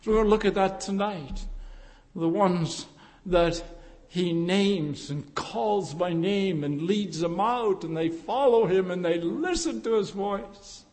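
An older man, a pastor, preaching a sermon in a slow, reflective way, with emphatic rises and hushed drops. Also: high-pitched, in a large hall.

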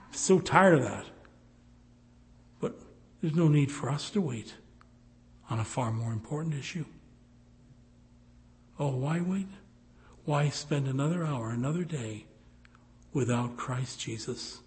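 A man preaching a sermon, pleading with his listeners and rising to loud appeals. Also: mid-range voice, animated, measured pace, long pauses. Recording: long hall reverb.

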